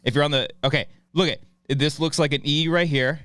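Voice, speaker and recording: A man's voice: on the high side, fairly even intonation, a little fast, fairly bright tone, clear, resonant tone, no echo. A man co-hosting a casual chat show, reading the live chat and rambling playfully. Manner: rambling, playful, hedging and restarting.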